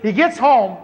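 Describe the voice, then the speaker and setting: A man in his sixties preaching a personal testimony, storytelling with self-mocking humor and acting out his own prayers. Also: high voice. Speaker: pastor. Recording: lo-fi hall recording with faint hiss.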